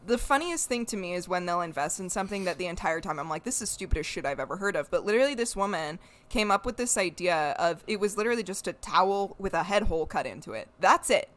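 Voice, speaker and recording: Low-voiced young woman chatting casually. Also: animated, fast talker, few pauses, a bit bright. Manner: rambling, joking, swears casually. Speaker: podcast co-host. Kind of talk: casual political chat.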